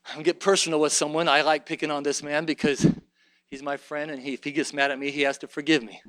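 A man preaching a sermon in a church, climbing to fervent shouting and then dropping to quiet, conversational storytelling. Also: little pitch movement, fast talker. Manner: rises to shouted fervor, then drops low and conversational. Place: church sanctuary.

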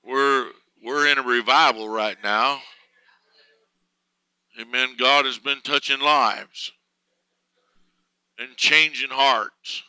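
A man preaching a sermon fervently, swelling louder and slower on key words. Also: mid-range voice, smooth, no echo, poor audio.

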